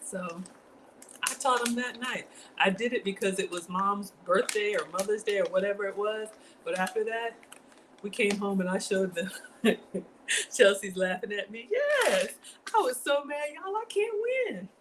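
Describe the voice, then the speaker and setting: Animated woman chatting on a cooking stream. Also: medium pitch, moderate pace, long pauses, background noise. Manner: animated, talks straight to viewers. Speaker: home cook livestream host. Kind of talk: chatty cooking livestream storytelling.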